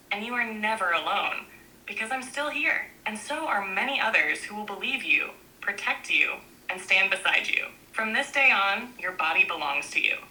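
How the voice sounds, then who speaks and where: Very bright, soothing woman narrator. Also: medium pitch, rough recording. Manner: soft, reassuring, slow affirmations in short repeated phrases. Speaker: narrator reading a book aloud. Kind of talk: gentle scripted narration.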